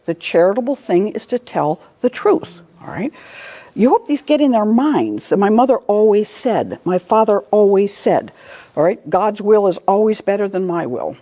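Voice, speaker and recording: A woman's voice: mid-range voice, very animated, normal speed, dark tone. A middle-aged woman giving a lecture in a conversational way, telling stories, laughing at her own anecdotes and often asking "all right?". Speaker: speaker giving a talk.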